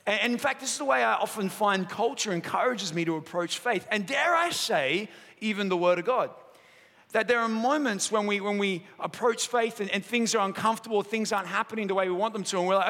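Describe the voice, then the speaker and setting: Bright-voiced pastor preaching in a reverberant hall. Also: male voice, high voice, a little fast. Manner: lively storytelling, jokes with the room. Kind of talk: sermon. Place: church auditorium. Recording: long hall reverb in a church auditorium.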